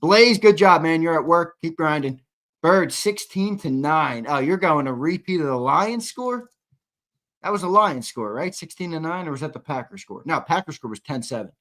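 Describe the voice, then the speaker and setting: A man's voice: on the high side, animated, moderate pace, a bit bright. A man hosting a live sports talk show, chatting casually and reading viewer comments aloud.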